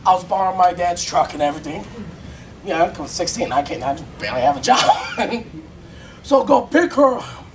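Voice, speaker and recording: A man's voice: high-pitched, animated, normal speed, distant mic, background noise. A man doing open-mic stand-up, telling a crude, rambling story and laughing at his own jokes. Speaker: stand-up comedian. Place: convention stage in front of an audience.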